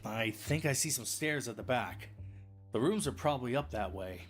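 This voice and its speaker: A man's voice: mid-range voice, expressive, moderate pace, soft background music, close to an everyday voice. A man voicing a grumpy, exasperated young male defense attorney in a fan-made game. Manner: grumbling, exasperated.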